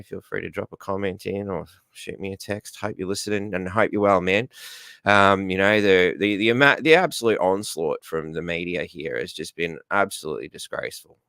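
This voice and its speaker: A lower-voiced Australian man hosts a live stream in a loose, rambling way, greeting viewers by name and swearing casually. His voice is smooth and resonant, recorded close and dry with no room sound. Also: a bit bright, no room sound. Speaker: host.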